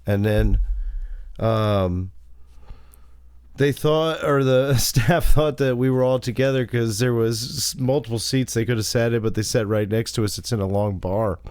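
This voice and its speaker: A man's voice: medium pitch, measured pace, a little mellow, smooth, no echo. A man from the United States co-hosting a podcast, telling stories in a meandering, easygoing way. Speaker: podcast co-host. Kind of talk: casual chat. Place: his home, indoors.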